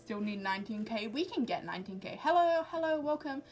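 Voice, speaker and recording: A young woman with a slightly high, animated, fairly quick voice and a darkish tone chats casually on her livestream. The cosplay streamer is self-deprecating and easily distracted, recorded on a distant mic with music behind her.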